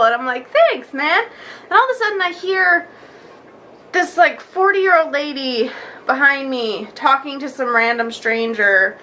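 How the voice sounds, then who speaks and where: A young woman vlogger telling a story in a chatty, animated way, acting out what people said. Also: high voice, a little slow. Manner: chatty, animated, acts out quotes with many likes. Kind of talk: casual storytelling vlog.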